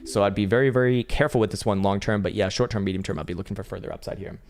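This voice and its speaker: A man's voice: fairly low pitch, racing, darkish tone. Profane, rambling male crypto streamer. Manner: profane, rambling, laughs often, mock outbursts at chat. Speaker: crypto trading livestream host. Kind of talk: casual live-stream chart commentary.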